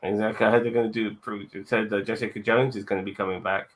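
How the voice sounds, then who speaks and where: A man's voice: lowish voice, level tone, quick pace. Blunt, swearing man. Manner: blunt, heavy swearing, emphatic. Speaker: podcast co-host. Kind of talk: casual movie review chat.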